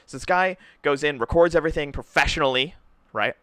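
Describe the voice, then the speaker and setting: A man's voice: on the high side, fairly quick, no echo. A man co-hosting a casual chat, telling stories with lots of "right?" and "dude". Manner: animated storyteller, says "right?" and "dude" a lot. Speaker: co-host.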